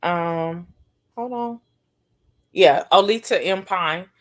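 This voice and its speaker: A woman hosting a casual livestream, chatting warmly and answering viewers' comments one by one. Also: on the low side, takes it slowly. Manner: affectionate, calls viewers baby and sis. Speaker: livestream host.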